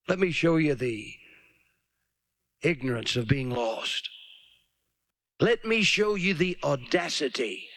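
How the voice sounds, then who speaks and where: A man's voice: fairly high pitch, a bit bright, no echo. A man preaching a revival sermon, emphatic and calling for amens. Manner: emphatic, drawn-out pauses, calls for amens.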